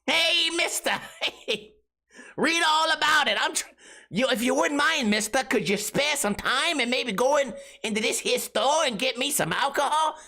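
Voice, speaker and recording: Guy doing a squeaky old-timey street kid voice, all wheedling and polite begging. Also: expressive, moderate pace, pushed and bright, full character voice. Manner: wheedling, overly polite pleading.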